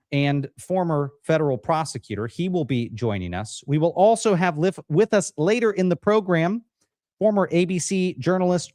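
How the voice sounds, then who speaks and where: A man hosting a live political stream, talking in an energetic, jokey way as he hypes up the guests. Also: high-pitched, no room sound, clean studio sound. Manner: energetic, jokey, hype-building introductions. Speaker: livestream host. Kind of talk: upbeat live-stream show opening.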